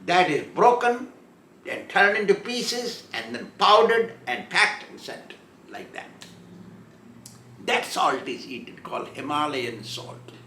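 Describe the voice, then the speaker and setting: Chuckling and voicing the characters, a spiritual teacher tells a story as a sermon in a very animated, high, bright voice at a slow pace. The room is echoey, with a little hiss or hum.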